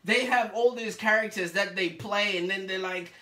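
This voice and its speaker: A man's voice: sits high, moderate pace. Laughing man in an echoey room. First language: not English. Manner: laughs often, animated retelling. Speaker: podcast host. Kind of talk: casual conversation on a video call.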